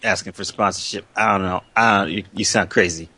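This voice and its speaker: Low, bright-voiced man with dry quips. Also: steady tone, fairly quick, husky, dry recording. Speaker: podcast co-host. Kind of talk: casual podcast banter.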